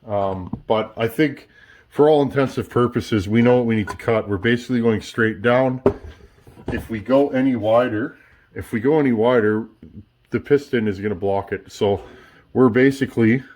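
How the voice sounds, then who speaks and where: A man at middle pitch explaining a build in a casual workshop tutorial. He thinks aloud, stumbles and restarts, and keeps asking "okay?" as he goes. He is picked up by a camera mic in the shop. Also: normal speed, darkish tone, slight background noise. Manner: thinks aloud, restarts often, many "okay?" check-ins. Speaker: chainsaw builder and channel host.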